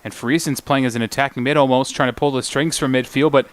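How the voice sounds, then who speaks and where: A man's voice: mid-range voice, steady tone, clean tone. A man calling live women's football play-by-play, naming players as the action moves. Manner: brisk play-by-play calling names. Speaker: play-by-play commentator.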